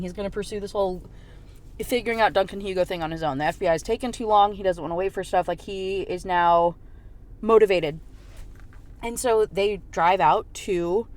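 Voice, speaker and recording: Young woman, book reviewer, casual rant, animated swearing, acts out quotes. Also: medium pitch. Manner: animated, swears freely, recaps plot with voiced quotes.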